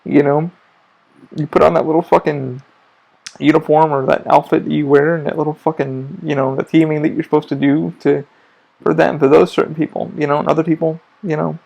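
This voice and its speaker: A man's voice: fairly high pitch, flat delivery, a little fast, vocal fry, a little mellow, highs cut off. A man hosting a podcast, telling rambling stories about his theme park job in a casual monologue full of profanity. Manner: profane, storytelling, emphatic. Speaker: podcast host.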